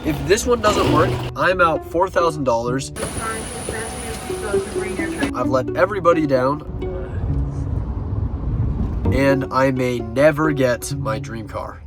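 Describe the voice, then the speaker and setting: A man's voice: fairly high pitch, moderate pace. A young man narrating his vlog in a casual, slangy way, talking straight to his viewers. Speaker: vlogger. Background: music.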